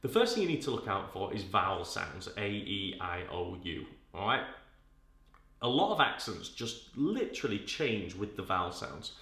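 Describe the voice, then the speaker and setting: A man's voice: on the low side, sing-song, normal speed, sharp tone. A man hosting acting tips, giving casual advice to camera as a dialect coach in a chatty, conversational way. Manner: chatty, conversational, uses filler words. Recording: echoey room.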